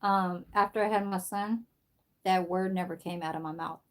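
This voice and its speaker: This is a casual livestream chat from a middle-aged host from San Francisco, USA, who rambles through a story with plenty of swearing. Her voice is lowish, her tone steady, and she talks at a normal speed.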